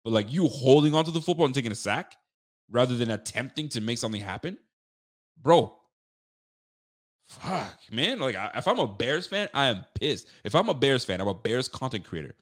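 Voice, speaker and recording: A man's voice: mid-range voice, very animated, brisk. A man hosting a sports podcast, giving casual football picks and venting animatedly, swearing and talking straight to his listeners.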